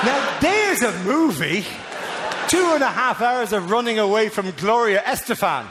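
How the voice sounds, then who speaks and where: High-voiced Irish comedian shouting on stage. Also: male voice, normal speed, long reverb tail, very noisy. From Ireland. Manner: animated, shouting, mock voices and singing. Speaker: stand-up comedian. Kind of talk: stand-up comedy routine. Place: large theatre before a live audience.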